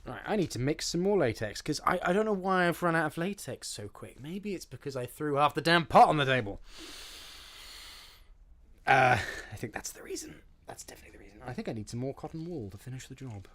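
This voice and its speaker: A man's voice: on the high side, lively intonation, a little fast, a bit bright. A young man chatting casually on a live stream while building props, reading out chat and joking about his own mess. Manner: chatty, self-mocking, reads chat aloud and answers.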